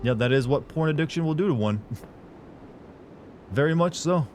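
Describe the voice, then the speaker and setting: This American streamer from the United States has a slightly high, animated voice and speaks a little slowly, with background noise present. He plays a game live, bantering with viewers and talking to chat in a joking, chatty way as he comments on the gameplay.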